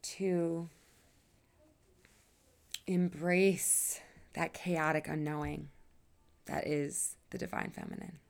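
A woman hosts her own podcast in a low, gravelly voice with a steady tone, taking it slowly and leaving long pauses. In this personal monologue she speaks earnestly and emphatically, drawing out phrases, sighing now and then, and swearing casually.

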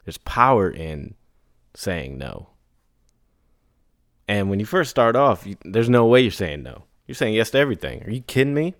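A man hosting a solo podcast, telling business stories in a casual, animated way, acting out others in high put-on voices and laughing between lines. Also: normal speed, pauses often, no room sound, clean studio sound. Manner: laughs and sighs often. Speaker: podcast host.

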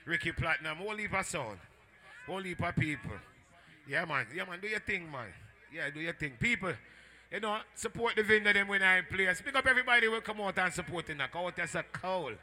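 A man with a Jamaican accent working as a sound system MC at a live dance, rowdy and shouting call-and-response to the crowd. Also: sits high, expressive, brisk. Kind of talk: live dancehall MC hype talk. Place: indoor dance venue at night.

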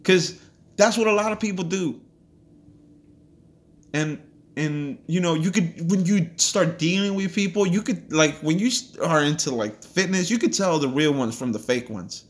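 Profane ranting man, slightly high voice. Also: normal speed. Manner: profane, blunt, heated. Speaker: podcast host. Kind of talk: ranting motivational monologue.

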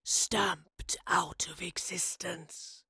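Rasping, ghostly time guardian. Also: female voice, lowish voice, fairly even intonation, pushed and bright, no room sound, clean studio sound, full character voice. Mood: cold menacing. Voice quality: rasping, hollow whisper. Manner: slow, measured, menacing. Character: ancient hooded time guardian, cold and merciless. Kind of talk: audiobook narration.

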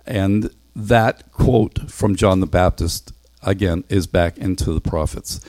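A low-voiced man retells a Bible story with animated flair, slipping into the characters' voices as he goes. The sound is dry and close, with no room echo. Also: takes it slowly. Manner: animated, acts out dialogue, self-correcting. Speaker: Bible teacher.

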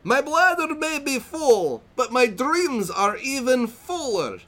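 A man reading lines aloud in a deliberately over-the-top put-on foreign accent, slow and pompous. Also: very animated, sharp tone, full character voice. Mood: hammy. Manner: overdone mock accent, slow and high.

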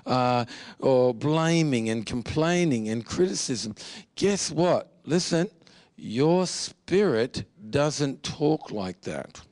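A man's voice: mid-range voice, lively intonation, slow pace, a little mellow, no echo. A man preaching a sermon in an earnest, confessional way, with humor and repeated phrases. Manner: earnest, confessional, mixes jokes and repetition.

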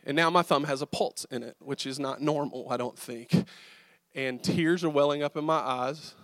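A man's voice: fairly high pitch, moderate pace, a bit bright, dry recording, studio quality. A young man, a pastor telling a self-mocking story from the pulpit and joking with his audience. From American South. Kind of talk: storytelling sermon. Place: church sanctuary.

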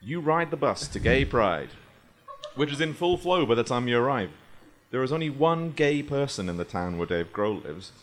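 A man's voice: mid-range voice, lively intonation, normal speed. Man narrating improvised comedy. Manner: rambling, playful storytelling. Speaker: host and narrator of a comedy game.

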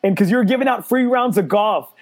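A man who hosts a podcast. He tells an animated, self-mocking story in casual chat. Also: high voice, quick pace. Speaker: podcast host.

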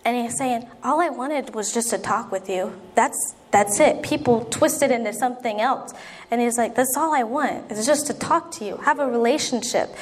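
High-voiced young woman preaching a sermon. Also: normal speed. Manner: earnest, conversational preaching with repeated appeals and acted prayers.

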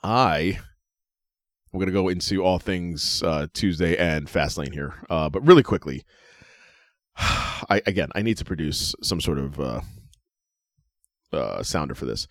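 A man's voice: low-pitched, measured pace, long pauses, no echo, clean studio sound. A man co-hosting a wrestling podcast in casual chat, ranting and swearing with lots of laughter. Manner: animated, swearing, laughing ranter. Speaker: podcast co-host.

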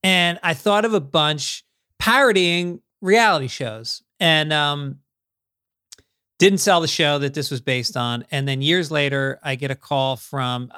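A man, a comedian guest on a podcast, telling a story in relaxed casual chat with quick asides. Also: a little high, smooth, no room sound, studio quality.

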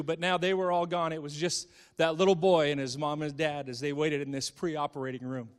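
A middle-aged man telling an emotional story from the pulpit, moving between hushed and impassioned delivery. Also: a little high, steady tone, a little fast, hardly any pauses, clear, resonant tone, in a large hall. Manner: dramatic, swings from hushed to impassioned. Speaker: speaker.

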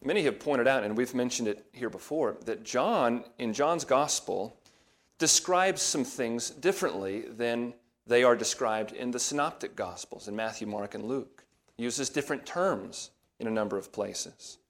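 A man delivering an expository sermon, walking his listeners through a passage verse by verse. His tone is measured and patient, rising to stress the words that carry the point. His voice sits in an ordinary middle register. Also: mid-range voice, animated. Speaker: pastor.

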